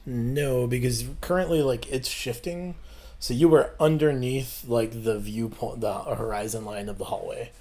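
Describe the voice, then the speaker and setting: A man narrating and ruling as game master, explaining calmly with fillers. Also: mid-range voice. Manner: unhurried, explains rules with fillers.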